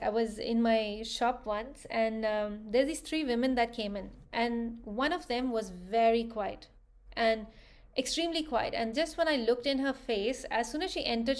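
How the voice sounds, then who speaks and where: A woman hosting a live spiritual workshop, talking conversationally and often checking in with her listeners. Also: a little high. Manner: animated storytelling. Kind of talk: live online workshop talk.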